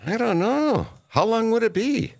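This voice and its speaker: A man from Minneapolis hosting his own podcast, ranting in a halting, rambling way full of filler sounds and restarts, with a scornful, combative edge. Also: very high-pitched, sing-song, gravelly, a little mellow, no room sound, studio quality. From Minneapolis, USA. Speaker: podcast host. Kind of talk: solo rant monologue.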